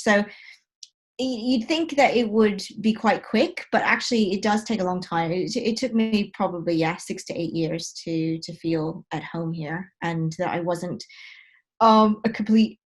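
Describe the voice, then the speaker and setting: A woman's voice: on the low side, normal speed. A woman from the United States, hosting a casual panel chat in a chatty, self-deprecating way with many fillers.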